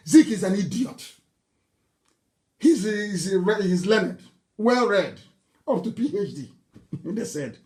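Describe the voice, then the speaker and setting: A man with a Nigerian accent giving an impassioned live broadcast speech, mocking and scornful, laughing and shouting at times. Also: high voice, sing-song, slow pace, long pauses. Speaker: political broadcaster.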